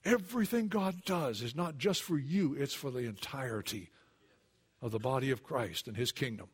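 A man preaching a sermon to a congregation, earnest, dropping to a hush and then rising. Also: mid-range voice, animated, normal speed, breathy edge. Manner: earnest, swings between hushed and raised. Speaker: pastor.

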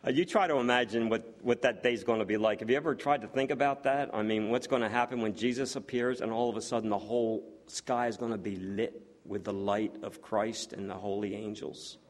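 A man preaching a sermon, earnest and building to excited exclamations, with frequent fillers and restarts. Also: lowish voice, a little fast, hardly any pauses.

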